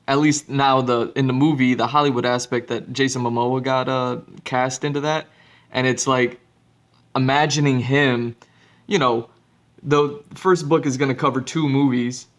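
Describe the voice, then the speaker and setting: Flat-voiced man rambling on a podcast. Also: medium pitch, unhurried. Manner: rambling, with many fillers and restarts. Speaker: podcast host. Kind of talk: casual monologue.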